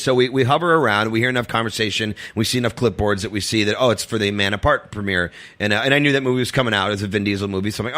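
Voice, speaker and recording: Guy rattling off a story super fast, bright voice, lots of likes and ums, does little high voices for quotes. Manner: rambling, filler-heavy, acts out quotes in a high voice. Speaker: comedian guest. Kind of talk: casual storytelling chat.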